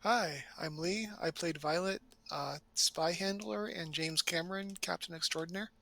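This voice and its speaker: Hesitant player man, higher gravelly voice, casual game talk. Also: moderate pace, sharp tone. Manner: hesitant, stumbling restarts. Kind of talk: casual tabletop game chat.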